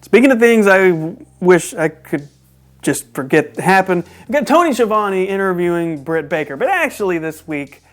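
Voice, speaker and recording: A reviewer from Texas recapping a wrestling show in a casual commentary style, animated and incredulous, with joking asides. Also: medium pitch, moderate pace.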